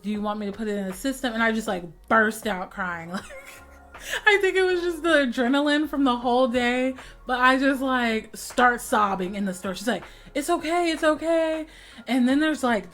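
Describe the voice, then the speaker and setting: A young woman vlogger telling a story in casual chat, acting out dialogue with lots of "like" and "bro". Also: fairly high pitch. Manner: animated retelling, full of "like" and "bro", acts out dialogue.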